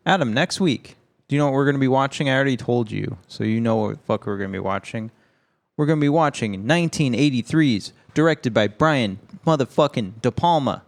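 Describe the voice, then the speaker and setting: A man's voice: medium pitch, animated, brisk. A man co-hosting a casual film podcast, loose and joking, swearing freely as he talks. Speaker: podcast co-host.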